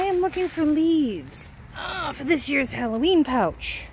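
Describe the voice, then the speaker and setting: A woman talks casually to her viewers in a hobby vlog. She is chatty and self-deprecating. Her voice sits a little high. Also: lively intonation, slow pace, few pauses, a little hiss or hum. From United States. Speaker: cross-stitch vlogger.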